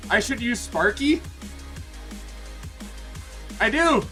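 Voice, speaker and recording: High-voiced man rambling to his stream chat. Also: drawn-out words, soft background music, rough recording. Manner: rambling, excitable, lots of fillers and restarts. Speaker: Twitch streamer. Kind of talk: casual storytelling to stream chat.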